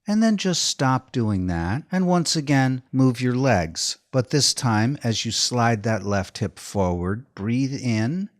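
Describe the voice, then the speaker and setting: Man guiding a lively movement lesson. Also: on the low side, no room sound, studio quality. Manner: slow, calm step-by-step directions. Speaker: movement instructor. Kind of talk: guided body-awareness instruction.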